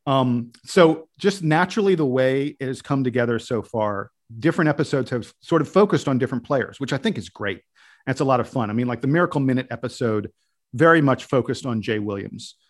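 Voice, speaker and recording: A man's voice: mid-range voice, animated, brisk. A man guesting on a podcast, telling stories in an eager, rambling way with frequent restarts. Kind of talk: casual podcast conversation.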